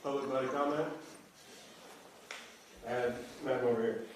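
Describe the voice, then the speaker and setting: A man's voice: mid-range voice, steady tone, normal speed. A man presiding over a county board meeting in a casual, somewhat hesitant way. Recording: very echoey room, distant mic, noise.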